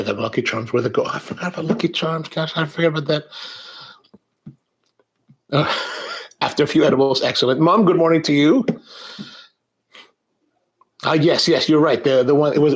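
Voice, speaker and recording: A middle-aged man hosting a coffee live stream, chatting in a rambling, animated way and reading viewer comments aloud. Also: fairly high pitch, moderate pace, gravelly, pauses often, husky. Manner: rambling, animated, frequent restarts. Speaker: coffee show host.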